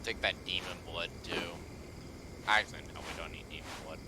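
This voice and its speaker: A game streamer doing live gameplay commentary, swearing constantly and swinging between startled outbursts and low grumbling. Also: brisk, noisy background. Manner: profane, jumpy and easily startled, swears constantly.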